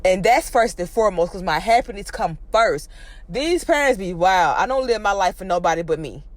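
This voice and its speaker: A woman's voice: animated, normal speed, dry recording. Blunt, profane woman ranting. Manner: blunt, heavy profanity, opinionated; swings up into high exclaiming pitch. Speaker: reality show recap vlogger. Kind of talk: casual ranting commentary.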